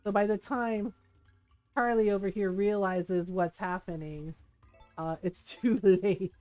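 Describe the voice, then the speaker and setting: A woman's voice: medium pitch, steady tone, takes it slowly, warm tone, faint music behind. A woman streaming a video game from home, chatting casually, giggling often and acting out other people's reactions. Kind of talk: casual live-stream chat.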